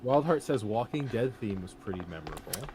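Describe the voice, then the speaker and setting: A man's voice: lowish voice, big pitch swings, brisk, background noise. A young man co-hosting a game stream, reading out chat comments in an easygoing, agreeable way. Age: young adult.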